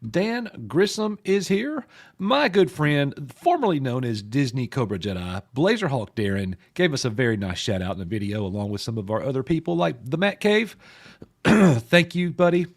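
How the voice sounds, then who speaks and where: A man hosting a casual live stream with a rough, hoarse voice, greeting viewers by name in a chummy way. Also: medium pitch, normal speed. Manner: lively, chummy, reads chat names aloud.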